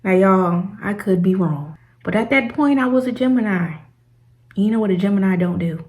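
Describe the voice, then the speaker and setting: A woman's voice: mid-range voice, animated, moderate pace, a little mellow, a little hiss or hum. A young woman vlogger telling a story in casual slang, acting out the people in it. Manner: dramatic, slangy storytelling with acted-out quotes. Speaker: travel vlogger. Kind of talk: animated storytime vlog.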